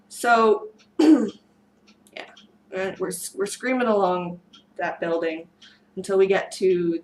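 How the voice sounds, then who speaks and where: A woman's voice: lowish voice, a little hiss or hum, low-quality recording. A woman vlogger recounting a tense street incident in a rambling storytime monologue, her voice strained from screaming earlier. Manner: rambling, many fillers and restarts. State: losing her voice.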